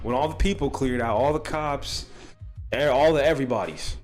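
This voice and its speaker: A man's voice: moderate pace, soft background music. Swearing young man telling a wild story. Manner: swearing, laughing, jumps to high-pitched quoted outbursts. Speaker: streamer. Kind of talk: casual storytelling to a live chat.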